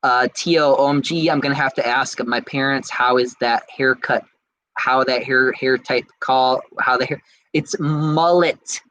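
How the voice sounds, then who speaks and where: A man hosting a podcast, reading out viewer comments in casual chat and answering them in an excitable, rambling way. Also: mid-range voice, unhurried, slight background noise, rough recording. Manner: excitable and rambling, with frequent restarts. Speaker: podcast host.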